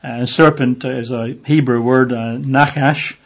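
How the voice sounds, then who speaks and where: A man teaching from the Bible in a relaxed, conversational way, with lots of fillers, sometimes acting out the voices in the passage. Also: medium pitch, measured pace. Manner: conversational, with many fillers, acts out voices in the reading. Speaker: preacher. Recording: dull lo-fi audio.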